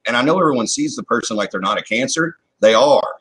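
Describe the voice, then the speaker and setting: Heated, husky man ranting in casual chat. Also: medium pitch, lively intonation, quick pace, fairly bright tone, poor audio. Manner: heated, blunt, swears, repeats "you know what I mean". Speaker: co-host.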